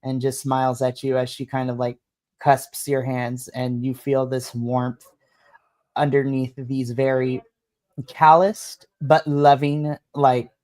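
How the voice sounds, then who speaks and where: A woman's voice: a bass voice, flat delivery, takes it slowly, darkish tone. A woman narrating a tabletop role-playing game as game master, chatty and laughing often. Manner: giggly, chatty.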